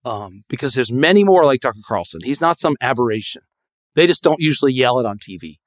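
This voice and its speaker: A man in his fifties from Connecticut, a comedian guest ranting profanely in casual podcast chat and mocking people in loud, high put-on voices. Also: expressive, fast, dry recording, clean studio sound. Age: 50s.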